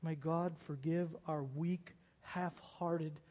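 High-voiced animated preacher man. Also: slow. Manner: animated storytelling with dramatic build-ups. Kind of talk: sermon. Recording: long hall reverb.

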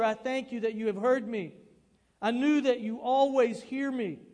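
A man preaching a sermon as pastor, expressive and acting out quoted lines. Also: high-pitched, long reverb tail.

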